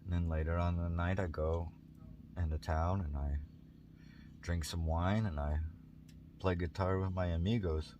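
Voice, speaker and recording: A man voicing a contented fisherman in a told story, speaking in an unhurried way. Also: deep voice, steady tone, darkish tone, highs cut off, a little hiss or hum, close to an everyday voice.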